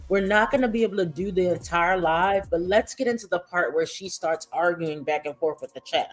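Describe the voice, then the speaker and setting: A woman hosting casual livestream commentary, talking in a profane, mocking way. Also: on the low side.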